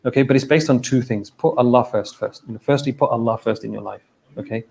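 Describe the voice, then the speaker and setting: A man's voice: medium pitch, quick pace, creaky, darkish tone, low-quality recording. Man giving a casual mosque talk. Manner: conversational, repeats himself, keeps checking in with "okay?". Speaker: mosque speaker. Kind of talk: informal religious talk.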